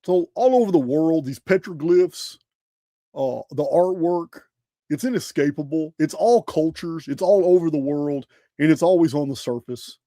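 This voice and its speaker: A man's voice: on the high side, animated, normal speed, warm tone, no echo, clean studio sound. A man hosting a show, talking casually over slides, emphatic and full of rhetorical questions, often restarting his phrases. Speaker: host presenting slides.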